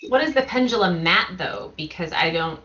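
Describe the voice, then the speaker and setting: A woman chatting casually, chiming in with teasing quick reactions and questions. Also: on the low side, lively intonation, dull audio, over a noisy crowd. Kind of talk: casual chat.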